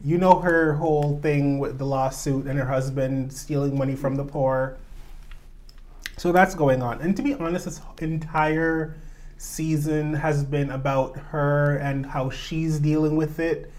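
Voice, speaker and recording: A man co-hosting a podcast, gossiping in a sassy, animated way. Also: fairly high pitch, a little slow. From Toronto. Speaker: podcast co-host. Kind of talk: casual chat.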